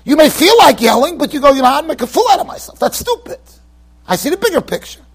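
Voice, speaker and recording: A man with a Yeshivish American accent giving a lively Torah lecture in a yeshiva study hall, acting out his examples with sudden shouts. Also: extremely high pitch, very fast. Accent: American Orthodox Jewish, Yeshivish. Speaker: rabbi giving a Torah class.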